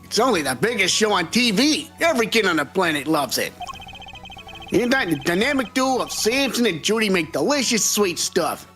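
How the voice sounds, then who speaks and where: A fan voice actor playing an excitable young male assistant who gushes like a starstruck fan, with music behind. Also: medium pitch, moderate pace. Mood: excited. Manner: eager and gushing.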